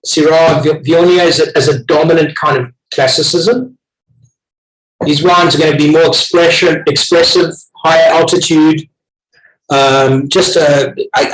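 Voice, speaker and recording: A man's voice: on the high side, reverberant, low-quality recording. A man with a South African accent hosting a casual online wine tasting, enthusiastic and chatty, often restarting his sentences.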